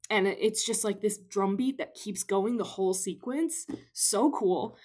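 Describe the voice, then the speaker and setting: A young woman in a casual vlog, bubbling over with excitement. She rambles breathlessly and is full of "like" and "um." She sounds slightly out of breath. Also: mid-range voice, unhurried. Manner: gushing, breathless, many fillers, rambling enthusiasm. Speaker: book vlogger. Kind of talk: excited casual book chat.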